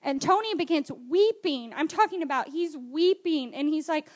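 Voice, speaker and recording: A young woman giving an excited church testimony, telling her story with lots of fillers. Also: high voice, normal speed, hardly any pauses. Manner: animated storytelling with many fillers.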